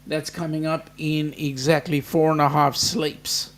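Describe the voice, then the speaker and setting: A man's voice: fairly high pitch, little pitch movement, a little slow. A man with an Australian accent hosting a casual live stream, reading out viewer comments and chatting back with plenty of "mate" and "um". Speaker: livestream host reading chat. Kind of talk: casual livestream chat.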